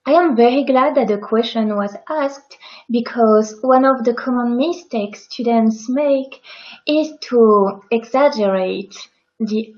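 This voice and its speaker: A woman's voice: a little high, muffled recording. A woman with a French accent, a native French speaker, teaching pronunciation patiently and demonstrating words. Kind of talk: pronunciation lesson.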